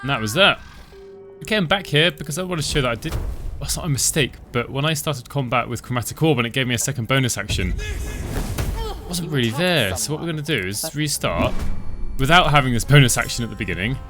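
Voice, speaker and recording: A man giving relaxed, chatty commentary over his own gameplay, thinking aloud as he plays. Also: mid-range voice, fairly quick, over music. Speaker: gaming channel host.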